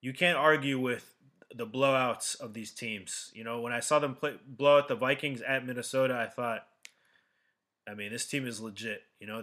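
A man hosting a casual sports podcast, talking through games in a relaxed, rambling way with restarts. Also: mid-range voice. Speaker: podcast host.

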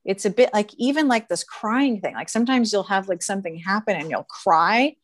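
A woman's voice: medium pitch, brisk. A woman talking earnestly and emphatically in a casual conversation, laughing often as she coaches.

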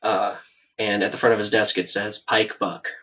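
A soft-spoken man narrates a tabletop game as game master. His voice sits on the low side, and he wanders through the story. The mic catches him from a little way off. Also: level tone, a little fast, recorded from a distance, rough recording. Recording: voice set back from the mic.

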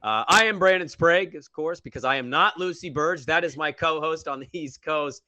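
A young man co-hosts a sports podcast in a crisp, bright voice that is slightly high for a man. He talks with a teasing, energetic swagger. The sound is dry and close. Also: normal speed, no room sound, highs cut off. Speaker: podcast co-host. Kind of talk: casual sports podcast chat.

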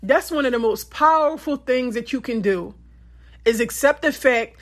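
A woman giving a candid motivational monologue, blunt and emphatic, often profane, with lively swings in pitch. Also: normal speed. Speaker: motivational speaker.

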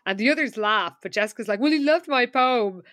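A woman's voice: a little high, expressive, a bit bright, no room sound, studio quality. A woman co-hosting a podcast, recapping a book in casual chat with wry asides and laughter. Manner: wry, laughing, recounts scenes with quick quoted asides. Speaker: podcast co-host.

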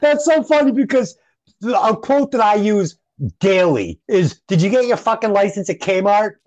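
A man's voice: high-pitched, expressive, normal speed, a little mellow, dry recording, poor audio. Male co-host, blunt and profane, laughs easily, casual chat. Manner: blunt, laughs often, swears. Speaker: podcast co-host.

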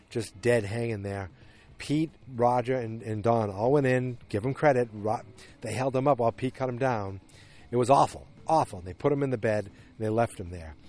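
Speaking in a fairly low, slightly mellow voice, a male podcast host walks listeners through a TV episode. His recap rambles, full of fillers and false starts.

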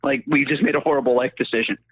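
A man calling in to a podcast, telling stories in an animated, ranting comic way. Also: mid-range voice, fast, slightly rough, no echo, rough recording. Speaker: guest caller. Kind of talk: casual podcast chat.

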